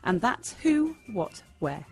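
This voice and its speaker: A woman's voice: mid-range voice, slow, creaky, soft background music. A woman giving a playful, scripted lesson on improv comedy. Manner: playful, lively, jumps into character voices. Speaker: improv teacher. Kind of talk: scripted instructional narration.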